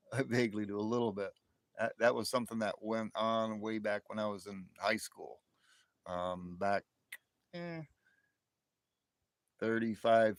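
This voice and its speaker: A man's voice: on the low side, no room sound. A man in his fifties from near the northern border, hosting a casual livestream chat and rambling, with frequent word repeats and chuckles. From northern New York near the Canadian border. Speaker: livestream host. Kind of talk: casual live chat with viewers.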